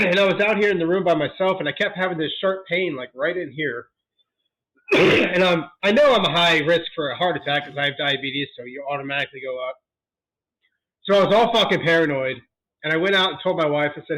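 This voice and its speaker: A man's voice: fairly high pitch, brisk, sharp tone, rough recording. A man co-hosting a podcast, chatting crudely and laughing at his own stories. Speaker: podcast co-host. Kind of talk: crude casual chat.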